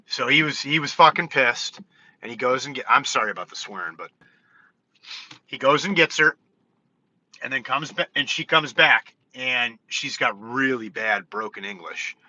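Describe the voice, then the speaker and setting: A man's voice: medium pitch, sharp tone. Frank, rambling man on dull lo-fi audio. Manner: frank, rambling, counts points off. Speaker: vlogger. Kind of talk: casual vlog monologue. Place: California.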